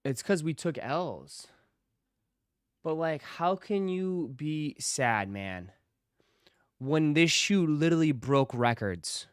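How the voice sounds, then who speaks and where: A man's voice: a little high, animated, slow pace, smooth, dry recording, studio quality. A man hosting a casual livestream, talking straight to his chat viewers and repeating phrases for emphasis. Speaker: livestream host.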